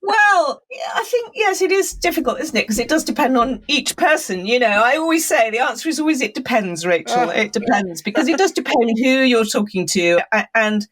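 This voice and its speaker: A woman's voice: a little high, animated, fairly quick, hardly any pauses, fairly bright tone. A woman being interviewed as an expert guest on a podcast, explaining things in a thoughtful, conversational way with frequent laughs.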